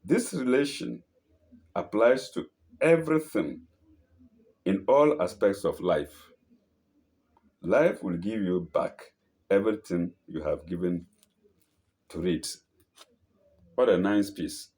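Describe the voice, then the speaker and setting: A man reads inspirational pieces aloud at a slow, unhurried pace, repeating lines and calling out punctuation. His fairly low voice rises and falls in wide swings, and he breaks in with delighted comments on the text. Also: animated, darkish tone. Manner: reads slowly, repeating phrases and dictating punctuation; delighted asides, chuckles at the text.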